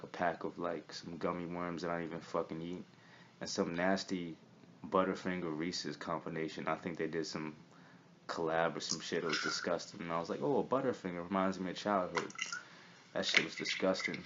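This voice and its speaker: Deep-voiced man telling a profane street story. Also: a bit bright. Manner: profane, streetwise, keeps asking "you feel me". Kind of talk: casual storytelling. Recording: slightly dull recording with faint hiss.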